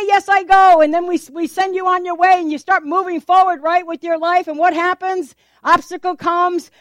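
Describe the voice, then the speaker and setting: A woman pastor preaching a sermon in a church, animated and acting out the voices of the people in her story, laughing often. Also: very high-pitched, normal speed, few pauses, no echo, studio quality.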